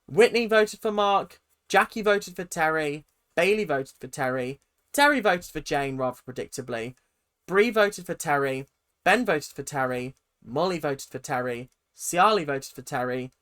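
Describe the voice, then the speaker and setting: A woman's voice: sits low, lively intonation, moderate pace, a bit bright. A woman, giving a chatty, casual recap of a reality TV show, acting out the people she quotes. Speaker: reality TV reaction vlogger.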